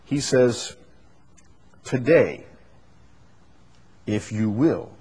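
A man preaching a Bible study sermon. He builds to loud, emphatic repetition and then drops back to quiet explaining. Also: on the low side, expressive, measured pace, husky.

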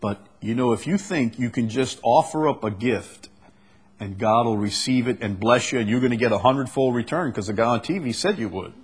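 A man preaching an expository sermon, reading scripture slowly and deliberately, then booming for emphasis and dropping low. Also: expressive, slightly rough. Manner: reads verses slowly and deliberately. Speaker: pastor.

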